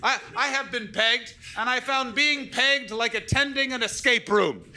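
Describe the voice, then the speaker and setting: A man's voice: very high-pitched, a little slow. A man doing a stand-up set in a comedy club, swearing freely, mocking himself and riffing with the audience. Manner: profane, self-deprecating, riffing with the audience. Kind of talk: stand-up set with crowd work. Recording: live club mic, loud audience laughter and noise.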